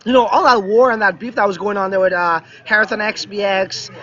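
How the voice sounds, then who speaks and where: Broadcasting live from a beach resort, a crypto vlogger with West Indian roots talks a little fast in a high, bright, forceful voice with a steady tone. He keeps things chatty, repeating "yeah, yeah" and tossing in "right?" The sound is lo-fi.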